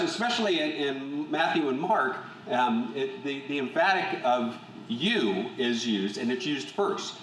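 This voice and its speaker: A man leading a Bible study group, reading scripture aloud and then talking it through in a measured, thoughtful way with frequent restarts. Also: on the high side, fairly bright tone, far from the mic. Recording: echoey room, voice from off-mic, faint hum.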